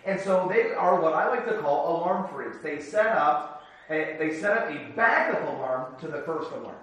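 A man preaching a sermon, moving from soft asides to shouted exclamations, telling stories with humor. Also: on the high side, lively intonation, normal speed. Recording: echoey hall, from far off.

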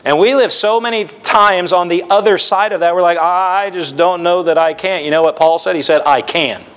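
A middle-aged male pastor preaching a sermon, slowing down and dropping his voice for emphasis. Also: sits high, fairly even intonation, clean tone. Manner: preaching with emphatic slowdowns and dramatic drops in volume. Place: church. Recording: dull lo-fi church recording.

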